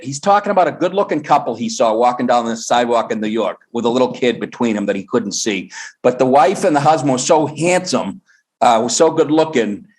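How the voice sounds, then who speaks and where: A middle-aged comedian telling stories on a podcast, animated and profane, acting out the people he quotes. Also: mid-range voice. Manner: animated storyteller, swears, acts out quotes. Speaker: guest comedian. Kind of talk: casual podcast chat.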